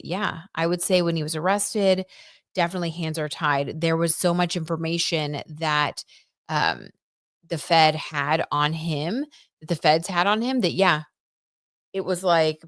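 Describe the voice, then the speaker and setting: A woman hosting a live tarot reading stream, talking casually and excitedly, gasping and reading viewer comments aloud. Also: sits low, measured pace, no echo, studio quality. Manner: chatty and excitable, reads viewer comments aloud, gasps and many "like"s.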